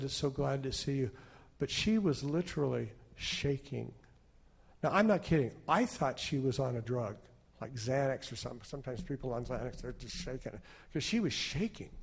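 Gravelly man preaching a sermon. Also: fairly high pitch. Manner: storytelling, swings between loud emphasis and soft asides. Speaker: pastor.

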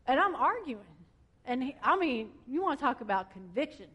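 A woman police officer telling a testimony story in a colloquial, self-mocking, animated way. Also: high voice, normal speed, breathy edge.

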